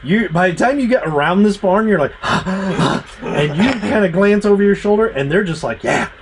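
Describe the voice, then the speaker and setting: A man runs a tabletop game, narrating scenes with lively, animated storytelling and sound effects. His voice sits a bit high and moves a lot. Faint background noise sits under it. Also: moderate pace, rough recording. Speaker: game master.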